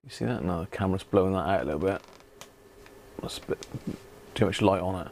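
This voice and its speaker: Gravelly British man chatting on a live stream. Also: sits low, fairly quick, darkish tone, slight background noise. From Britain. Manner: chatty, greets viewers by name, chuckles often. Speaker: live-stream host, radio restorer. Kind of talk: casual live-stream chat.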